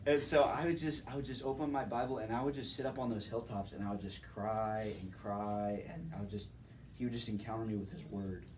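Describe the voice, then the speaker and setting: A man's voice: on the low side, brisk, a little mellow. A young man casually telling his personal testimony to a live audience. He speaks in a laid-back, chatty way, laughs often and calls people "man" and "dude". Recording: distant mic with faint background noise.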